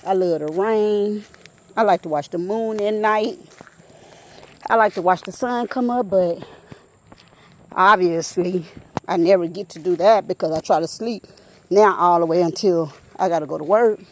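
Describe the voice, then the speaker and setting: A woman's voice: on the low side, normal speed, pauses often. Breathless woman vlogging on a trail. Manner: chatty, keeps addressing viewers as y'all. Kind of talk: casual walking vlog. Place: outdoors on a nature trail.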